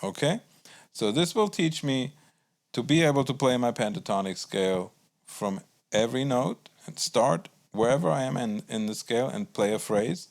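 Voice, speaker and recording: A man teaching a guitar lesson in a calm, explanatory way, counting beats aloud as he plays. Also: medium pitch, moderate pace, gravelly. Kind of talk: instructional music lesson.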